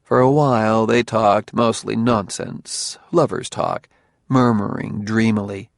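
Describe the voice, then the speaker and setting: A man reading a thriller audiobook in steady, intimate scripted narration. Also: lowish voice, a little slow, vocal fry, dry recording, studio quality.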